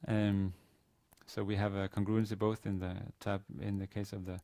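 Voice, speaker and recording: Male university lecturer, low mellow voice, hesitant and explanatory, dry close sound. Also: flat delivery, moderate pace, no echo. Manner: hesitant, explanatory, many fillers and restarts. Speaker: Arabic teacher. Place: university teaching room.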